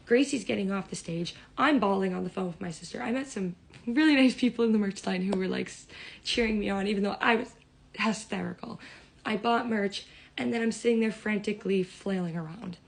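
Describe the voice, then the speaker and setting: A young woman rattles through a storytime vlog, excited and rambling, piling one detail onto the next. Her voice carries a gravelly, fry-edged texture, while her pitch sits right in the middle for a woman. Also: a little fast, poor audio. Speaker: vlogger.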